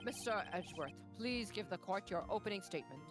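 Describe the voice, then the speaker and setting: A woman voicing a formal courtroom judge in a measured, plain read of game lines on a stream. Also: mid-range voice, lively intonation, music in the background, natural voice.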